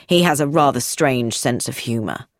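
A woman's voice: very deep voice, lively intonation, normal speed, no room sound, clean studio sound, voice pushed down. A woman voicing a stiff, cold older brother, a businessman who speaks coldly and defensively.

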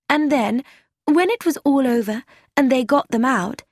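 A woman's voice: high-pitched, a little slow, darkish tone, no echo, clean studio sound. A woman reading a young woman's chatty, earnest letter aloud in an audiobook. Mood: confiding. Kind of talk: scripted narration.

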